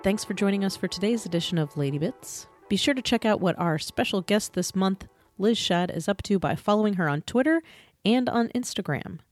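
A woman's voice: medium pitch, animated, a little fast, faint music behind. A woman co-hosting a podcast, rambling and laughing through casual chat and then reading the show's closing announcements. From Atlanta, US. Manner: giggly, rambling, self-deprecating. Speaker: podcast co-host.

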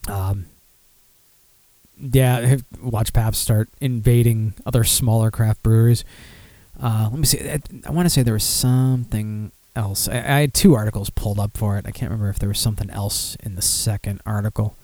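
A man's voice: on the low side, fairly even intonation, moderate pace, dark tone, no room sound. A man hosting a casual beer podcast, rambling and self-deprecating, with lots of fillers and restarts. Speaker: podcast host.

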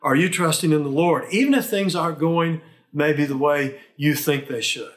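Earnest higher-voiced male preacher. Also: normal speed. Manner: earnest, emphatic preaching with rhetorical questions. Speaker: pastor. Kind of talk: sermon.

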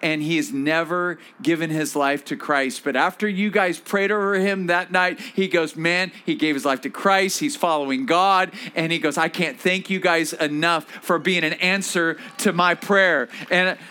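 A man preaching as pastor, telling a story in an animated way and acting out the voices of the people in it. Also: sits high. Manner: animated, acts out quoted voices. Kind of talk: sermon storytelling.

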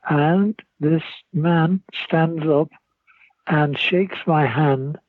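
An older man with a Liverpool accent telling rambling, lively anecdotes as an interview guest, over a tinny phone line. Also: on the high side, very slow, no room sound. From Liverpool, England. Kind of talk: anecdotal storytelling.

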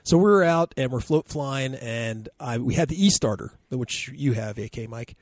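A man's voice: medium pitch, normal speed, no room sound. A man telling a funny flying story in casual chat, acting out the people in it. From Alaska. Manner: animated storyteller, acting out quotes in raised voices.

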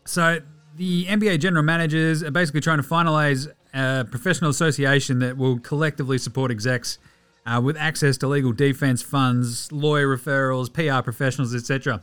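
A man's voice: medium pitch, steady tone, a little fast, a bit bright, clear, resonant tone. An Australian man hosting a casual sports news podcast, sarcastic and profane as he mocks the people he talks about. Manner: sarcastic, profane, mocking rants. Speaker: podcast host.

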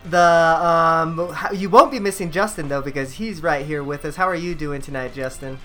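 A man's voice: on the high side, moderate pace, pushed and bright, soft background music. A man hosting a casual gaming podcast, upbeat and chatty, laughing easily with his co-hosts. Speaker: podcast host.

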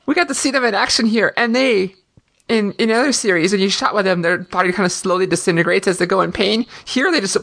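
A woman's voice: medium pitch, fast, fairly bright tone. A woman co-hosting a podcast, chatting casually and retelling scenes by quoting the characters. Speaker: podcast co-host. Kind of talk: casual episode recap.

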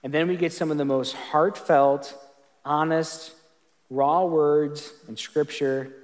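A man's voice: a little high, fairly even intonation, slow, long reverb tail. A man preaching a sermon as pastor, earnest and conversational, often restarting his sentences.

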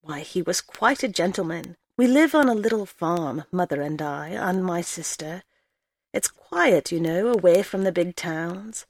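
A woman's voice: fairly low pitch, expressive, measured pace, dry recording. A woman reading the lines of a frightened young country girl, speaking timidly and hesitantly. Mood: earnest.

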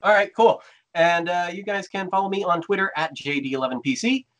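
A man hosting a podcast in relaxed, casual chat. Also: high-pitched, brisk. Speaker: podcast host. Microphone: headphones, podcast mic.

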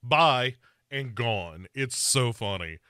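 A man's voice: medium pitch, animated, slow, bright, forceful tone, dry recording, clean studio sound. A man hosting a podcast, casually recapping a movie with wry mock quotes. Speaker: podcast host. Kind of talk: casual movie review chat.

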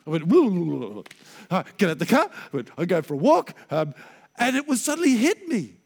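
A middle-aged pastor delivering a sermon. His voice sits high and swoops through a wide, animated range. He slips into stammering, acted-out inner voices to make his point. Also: brisk.

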